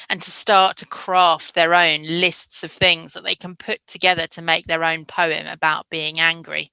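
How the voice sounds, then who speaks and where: A woman's voice: lowish voice, little pitch movement, moderate pace, vocal fry, few pauses, sharp tone, clean tone, no room sound, poor audio. A woman, giving an enthusiastic, instructive presentation on teaching literacy at a conference. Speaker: literacy education trainer.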